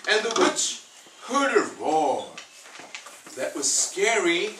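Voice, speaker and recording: A woman's voice: medium pitch, sing-song, slow pace. A woman reading a picture book aloud to children in a playful, inviting way. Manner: playful, inviting listeners to join in. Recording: echoey room, far from the mic, noisy.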